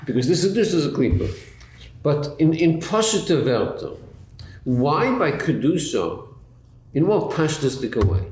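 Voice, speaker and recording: A man's voice: fairly high pitch, very animated, measured pace, a little mellow. A man teaching a Torah class, asking rhetorical questions and repeating words as he works through a point. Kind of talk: Talmudic-style class lecture. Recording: roomy recording with faint hum.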